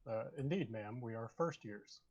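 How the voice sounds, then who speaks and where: A man's voice: mid-range voice, normal speed, darkish tone, highs cut off, close to an everyday voice. A man voicing a young student who speaks formally and courteously. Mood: polite.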